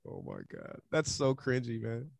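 A man's voice: medium pitch, wildly swooping pitch, normal speed, vocal fry, darkish tone, dry recording. A man co-hosting a podcast in casual chat, sarcastic and swearing freely. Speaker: podcast co-host.

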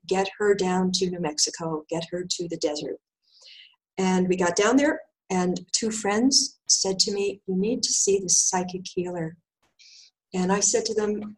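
Appearing as a guest, an older intuitive healer shares a story conversationally, recorded in low quality. Animated throughout, she acts out the dialogue in different voices, her pitch climbing and dropping, and laughs as she tells it.

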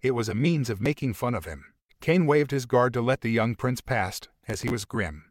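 A man narrating an amateur fantasy story, reading in a halting, stumbling way. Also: medium pitch, expressive, no echo, studio quality.

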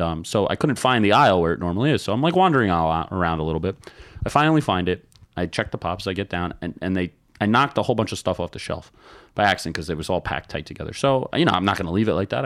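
A man in his thirties telling a story in casual chat, animated and exasperated as he retells what happened. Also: low-pitched. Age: 30s.

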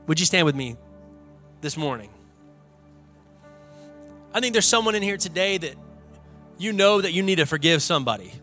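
A man's voice: fairly high pitch, animated, moderate pace, pauses often, pushed and bright, faint music behind. A young adult man, a pastor preaching an earnest, conversational sermon in a church, building to emphatic peaks. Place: church sanctuary.

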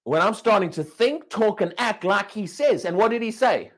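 A man's voice: high-pitched, lively intonation, moderate pace. A man preaching a sermon, emphatic and questioning, repeating and restarting words as he drives his points home.

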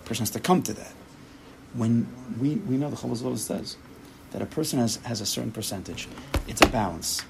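A man teaching a Torah class as a rabbi, speaking emphatically and acting out inner voices in quick quoted asides. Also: medium pitch, lively intonation, creaky, very noisy.

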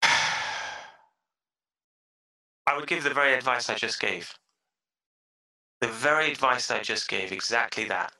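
A middle-aged man as a podcast guest, giving motivational advice in an animated way and acting out excited inner voices. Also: medium pitch, measured pace, pauses often, poor audio. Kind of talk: motivational interview talk.

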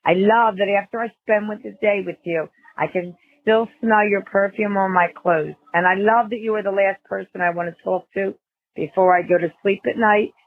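This is a heartfelt young man pouring out his love, tender and steady, in a film scene. The voice sits high and sounds close and dry. It plays back through a narrow, tinny channel. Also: normal speed, no room sound. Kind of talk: film dialogue. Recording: phone-quality film clip.

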